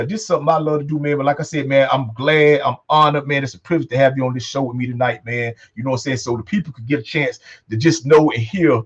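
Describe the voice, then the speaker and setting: Fast-talking, profane male talk host. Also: mid-range voice. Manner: loose, profane, repeats "man" and "you know what I'm saying". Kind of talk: casual talk show chat.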